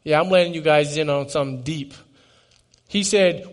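A man's voice: a little high, normal speed. A man in his twenties giving an emotional personal testimony, earnest and stumbling over restarts. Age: 20s.

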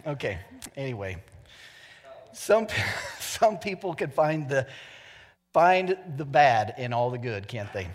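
A man's voice: mid-range voice, sing-song, slow pace, long pauses. Man preaching in a reverberant hall. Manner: conversational preaching, voices characters in anecdotes. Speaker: pastor. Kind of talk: sermon with joke telling.

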